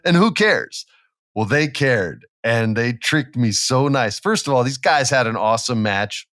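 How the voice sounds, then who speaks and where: A man's voice: mid-range voice, a little slow, dry recording, studio quality. A man hosting a casual wrestling podcast, telling stories with acted-out quotes and sound effects. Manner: animated storyteller who acts out quotes and sound effects. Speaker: podcast host.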